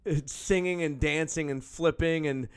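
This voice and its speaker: A man co-hosting a casual sports podcast, talking in an animated, excitable way and laughing often. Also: a little high, moderate pace, smooth, dry recording, clean studio sound. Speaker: podcast co-host.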